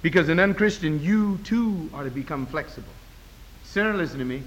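A man preaching a sermon as pastor, with call-and-response rhythm, moving from low talk to loud high cries. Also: lively intonation, a little fast, muffled recording. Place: church. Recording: long reverb of a church hall.

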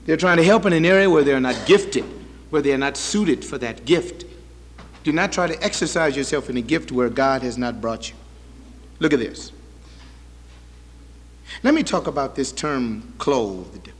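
A man preaching a sermon as pastor, swinging from loud high bursts to quiet low asides. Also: animated, normal speed, pauses often, long reverb tail, slight background noise.

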